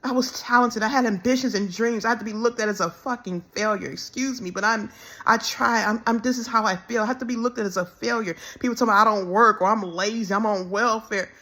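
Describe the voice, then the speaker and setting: A woman speaking in an emotional personal monologue, halting and repeating words, close to tears as she pleads. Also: fairly high pitch, bright, forceful tone. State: tearful, close to crying. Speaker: self-described minister.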